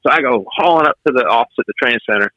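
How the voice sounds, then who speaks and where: Talking rapid-fire in a medium-pitched voice, a man who works as a fire officer shares stories during a relaxed interview, vividly performing the quotes of the people in them. There's no room sound, and the high frequencies are cut off.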